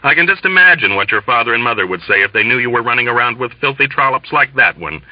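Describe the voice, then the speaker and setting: A man's voice: expressive, fast, no room sound, highs cut off, natural voice. A man doing a pompous chortling navigator. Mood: patronizing. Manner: booming fake laugh, patronizing. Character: jovial pompous young male navigator, condescending.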